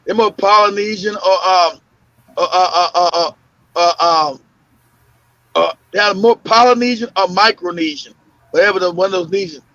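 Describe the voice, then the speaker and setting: Gravelly high-voiced man telling stories. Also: moderate pace, fairly bright tone, dry recording. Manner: loose, laughing, full of fillers and restarts. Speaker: podcast host. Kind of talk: casual conversational storytelling. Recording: muffled lo-fi audio.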